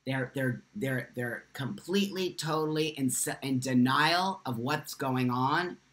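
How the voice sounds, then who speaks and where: A man's voice: mid-range voice, a little slow, fairly bright tone. A man hosting a live stream from a phone, impassioned and emphatic, repeating phrases for force while answering viewer comments.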